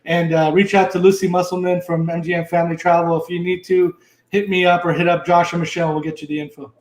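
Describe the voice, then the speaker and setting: A man's voice: sits high, little pitch movement, quick pace. Easygoing man in an echoey room. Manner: laid-back, slangy, chuckling while he talks. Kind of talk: casual chat.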